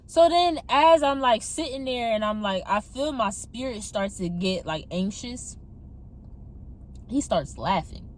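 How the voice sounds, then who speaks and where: Woman, young adult, casual testimony storytelling, fairly high pitch, animated, phone camera, faint room ambience. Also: measured pace, a little hiss or hum. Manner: animated, addresses viewers as y'all. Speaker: testimony vlogger.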